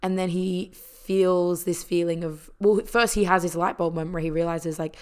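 A woman's voice: on the low side, steady tone, moderate pace, darkish tone, clean tone. A woman casually retelling a movie in a chatty, heartfelt way, full of fillers and the odd swear word. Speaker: vlogger.

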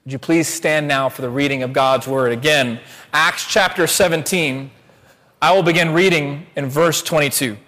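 High-voiced pastor in a reverberant sanctuary. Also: male voice, sharp tone. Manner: measured scripture reading with emphatic rises. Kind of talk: sermon. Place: church sanctuary.

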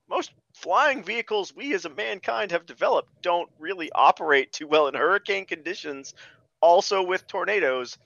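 A man's voice: sits high, creaky, pushed and bright, dry recording. A man hosting a podcast, ranting sarcastically about a bad movie in casual chat. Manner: sarcastic, exasperated rants with profanity. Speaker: podcast host. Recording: dry, dull lo-fi sound.

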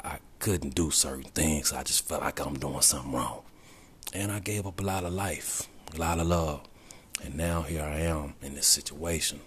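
A man's voice: extremely low pitch, fairly bright tone, slight background noise. A middle-aged man talking earnestly and from the heart to his regular audience in a personal vlog, often saying "man" and sinking to a near whisper. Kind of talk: personal confessional monologue.

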